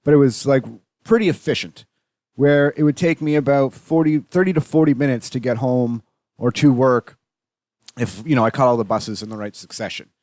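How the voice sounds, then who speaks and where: A man's voice: medium pitch, normal speed, a little mellow, no room sound. A man hosting a solo podcast, ranting and swearing constantly in a rambling way full of fillers and restarts. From Canada. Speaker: podcast host.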